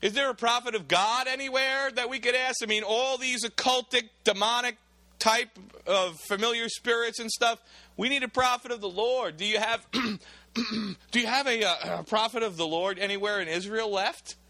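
A man preaching a sermon, retelling a scripture story with lively dramatized asides and reading old bible wording aloud. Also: very high-pitched, moderate pace, no echo.

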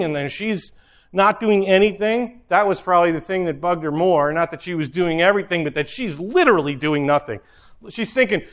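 A man with a high voice preaches in a loose, storytelling way. He rambles conversationally and fills his talk with "you know" and "like." His delivery feels informal rather than formal or polished. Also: animated, normal speed, fairly bright tone. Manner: conversational, rambling, frequent fillers.

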